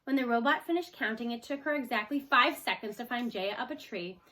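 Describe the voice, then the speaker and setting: A woman reading a children's novel aloud expressively, slowing for chapter titles. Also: a little high, bright, forceful tone. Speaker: storyteller.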